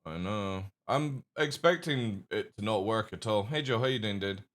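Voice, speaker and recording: A man's voice: lowish voice, moderate pace, a bit bright. A man streaming from home, chatting casually with his viewers and talking to his dogs in a coaxing voice. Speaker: live streamer. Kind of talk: casual stream chat reacting to a video.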